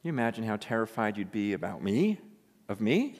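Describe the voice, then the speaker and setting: A man's voice: lowish voice, very animated, brisk. Emphatic preacher, man, echoey hall. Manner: emphatic, rhetorical questions to the congregation. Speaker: pastor. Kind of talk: sermon.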